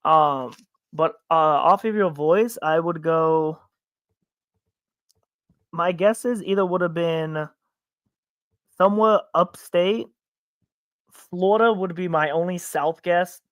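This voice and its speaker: A man's voice: fairly high pitch, slow, long pauses, a bit bright, clean tone, dry recording. A man from upstate New York hosting a podcast in casual chat, rambling with many restarts and stammered repeats. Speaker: podcast host.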